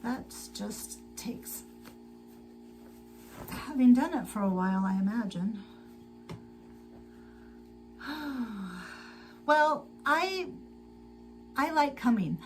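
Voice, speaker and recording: A tired woman hosting a casual sewing livestream, chatting slowly to viewers and to herself as she works. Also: a little high, expressive, soft background music, low-quality recording. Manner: slow, chatty, talks to herself while working. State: tired and sleepy.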